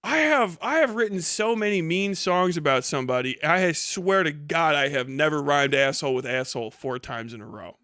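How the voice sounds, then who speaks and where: A young man giving casual, profane stream commentary, excitable and laughing often. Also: on the high side, moderate pace, hardly any pauses, smooth, dry recording, clean studio sound. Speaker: live streamer.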